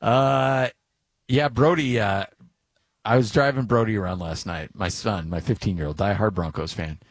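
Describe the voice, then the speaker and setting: A man's voice: on the low side, normal speed, dry recording. Middle-aged guy hosting sports radio, rambly storyteller, lots of uhs, dry close sound. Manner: storytelling, lots of filler words. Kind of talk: casual sports talk.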